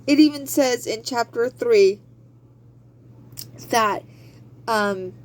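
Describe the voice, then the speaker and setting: A woman leads a casual Bible study in a fairly high voice. She takes her time, talks like a friend with plenty of fillers, and then builds into fervent, preachy exhortation. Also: slow pace. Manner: conversational with fillers.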